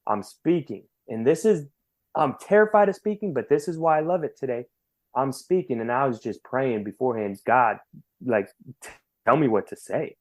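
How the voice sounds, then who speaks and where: Male guest with a mid-range voice, earnest and animated storyteller, repeats himself. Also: mid-range voice. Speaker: podcast guest. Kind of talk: personal testimony storytelling.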